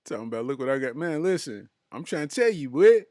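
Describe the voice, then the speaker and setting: A man's voice: mid-range voice, lively intonation, fast talker, a little mellow, no echo, clean studio sound. A man hosting a comedy podcast, reading his live chat aloud in loose, slangy talk and breaking into laughter often.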